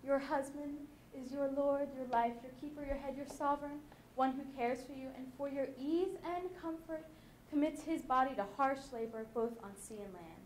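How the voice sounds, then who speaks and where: A teenage girl performing Katherine's Shakespeare monologue, slow and declamatory, lecturing wives. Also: sits high, slight background noise, close to an everyday voice. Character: Katherine, a defiant young woman lecturing wives. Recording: echoey hall.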